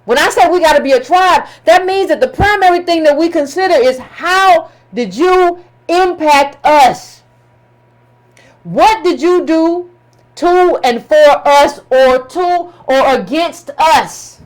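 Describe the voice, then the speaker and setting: A woman's voice: sits high, slow pace. A woman giving impassioned political commentary, emphatic and scolding, with colloquial phrasing and repetition.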